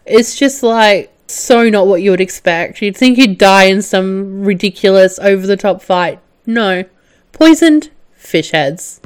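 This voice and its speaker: A woman hosting a podcast, recapping a film casually, laughing often and swearing when excited. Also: medium pitch, unhurried, hardly any pauses, clean tone. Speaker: podcast host.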